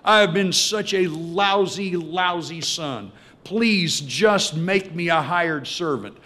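A man's voice: on the high side, slow, bright, forceful tone, voice pushed up. A man voicing a remorseful young son begging his father to take him back as a servant. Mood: pleading. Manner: pleading, self-reproaching.

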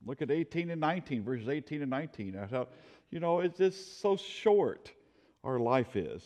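Lively man teaching a church Bible class. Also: medium pitch, moderate pace, big-room sound. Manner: animated, storytelling, laughs often.

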